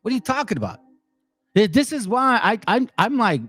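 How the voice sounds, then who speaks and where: A man's voice: extremely high pitch, very animated, a little fast, a bit bright, no room sound. A man in his forties ranting as channel host, confrontational and slangy. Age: 40s. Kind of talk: heated rant to a commenter.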